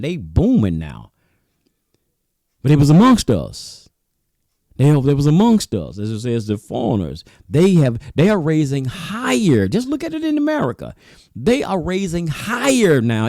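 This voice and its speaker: Animated preacher man with a mellow voice. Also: mid-range voice, no echo. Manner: animated, repetitive, preacherly, addresses listeners as brothers and sisters. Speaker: religious teacher. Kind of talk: sermon-style teaching talk.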